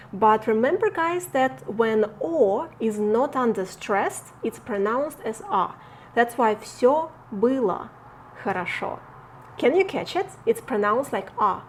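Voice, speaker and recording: A Russian-accented woman walks learners through a language lesson at a very unhurried pace. Her voice sits a little high, and she repeats each example word with care. A faint hiss hangs under the recording. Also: a little mellow. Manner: slow and careful, repeating example words.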